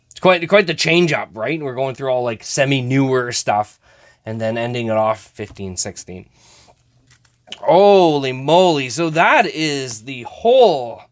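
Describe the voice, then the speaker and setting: Male vlog host, chatty, unhurried delivery with a very expressive pitch. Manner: chatty, talks to viewers while sorting cards. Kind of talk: casual card-opening vlog.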